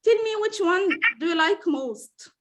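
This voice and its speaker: A woman's voice: very high-pitched, lively intonation, a little slow. A woman running an online training session for teachers, patient and repeating her words, with many fillers.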